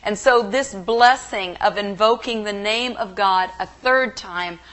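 Woman, Bible teacher, devotional teaching, slow, measured, reverent, mid-pitched voice. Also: fairly bright tone.

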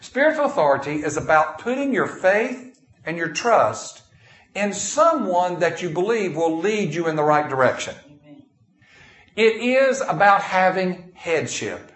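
Guy preaching, folksy stories, voice a bit high for a man, roomy church echo. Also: big pitch swings, unhurried, fairly bright tone. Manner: folksy storytelling, reads scripture in King James wording. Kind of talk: sermon. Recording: echoey room.

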